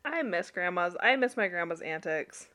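In a casual podcast chat, a woman co-host shares family stories, laughing and acting out quotes. Her lowish voice is expressive, pushed, and bright, and she speaks at a moderate pace.

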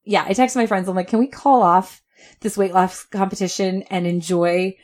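Animated woman telling a story. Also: medium pitch, normal speed. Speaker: podcast co-host. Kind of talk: casual chat.

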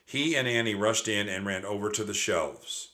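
A man with a fairly low voice reads a children's chapter book aloud in a steady, expressive way. His tone is bright and forceful, and he clearly sets out each turn of the story. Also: normal speed. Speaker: audiobook narrator. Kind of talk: children's audiobook narration.

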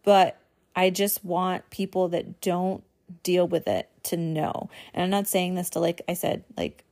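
A young woman talks straight to her viewers in a loose, heartfelt way, sprinkling "like" through her sentences. Her voice sits a little on the low side for a woman. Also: a little slow, darkish tone. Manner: casual, earnest, filler-heavy with frequent "like". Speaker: host. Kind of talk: personal talk to camera.

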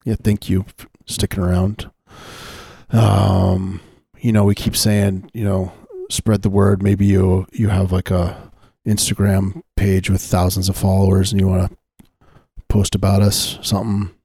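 A man's voice: low-pitched, monotone, a little slow, creaky, warm tone, slightly rough, no room sound, studio quality. A man co-hosting a casual chat podcast, talking in a laid-back, loose, rambling way. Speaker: podcast co-host.

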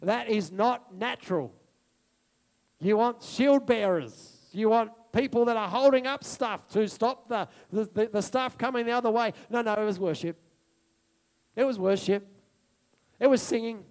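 A male preacher with a very high voice delivers an impassioned sermon. He repeats key phrases for emphasis and moves from soft asides to ringing declarations. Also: measured pace.

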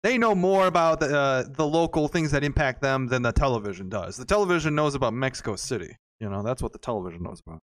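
A man's voice: mid-range voice, animated, fast, few pauses. A man co-hosting a podcast in casual chat, joking and calling his partner "dude" and "bro". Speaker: podcast co-host.

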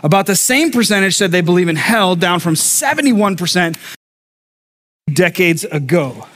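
A male pastor preaching from a stage microphone in a church sanctuary, his voice sitting high for a man. He keeps it conversational, putting questions to the congregation and talking with them rather than at them. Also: lively intonation, moderate pace, a bit bright. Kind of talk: sermon.

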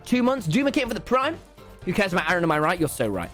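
Rambling British teenage lad streaming. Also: male voice, high-pitched, big pitch swings, quick pace, fairly bright tone, faint music behind. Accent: British English. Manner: rambling, sarcastic, mock self-pity. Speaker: live streamer. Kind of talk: casual storytelling while gaming on a live stream.

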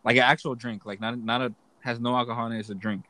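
A man's voice: mid-range voice, steady tone, quick pace, pushed and bright. A young man chatting casually, rambling and cursing as he tells funny stories, laughing often. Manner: rambling, profane, laughs a lot. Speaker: soldier telling stories. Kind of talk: casual chat.

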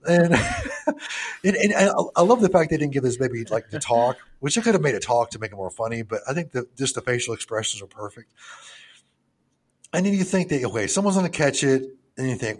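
A man's voice: mid-range voice, very animated, a little fast. A young man co-hosting a podcast, chatting casually and crudely about a film, laughing often and acting out scenes in a put-on voice. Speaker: podcast co-host.

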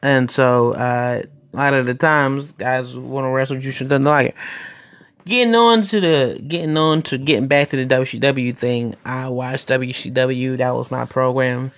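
A podcast host who is also a wrestler delivers a casual monologue in a gravelly, mid-pitched, fairly bright voice, steady in tone and moderate in pace. He rambles and restarts sentences as he shares opinions, and the recording is dry and close with no room sound.

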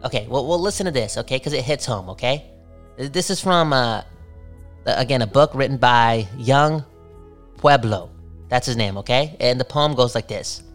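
A man chatting on a phone call, animated and emphatic, tagging his sentences with "okay?". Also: mid-range voice, normal speed, soft background music. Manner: animated, repeats "okay?" a lot. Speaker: caller. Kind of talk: casual phone chat.

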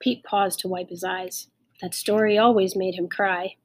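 A woman reading a children's novel aloud, tender and expressive. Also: medium pitch, normal speed. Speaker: audiobook reader. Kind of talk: audiobook narration.

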